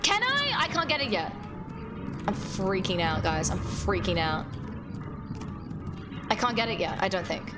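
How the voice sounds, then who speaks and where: Excitable swearing woman streamer. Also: medium pitch, measured pace, long pauses, loud music behind the voice. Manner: excitable, swears a lot, talks to chat. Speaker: livestreamer. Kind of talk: casual gameplay livestream chat.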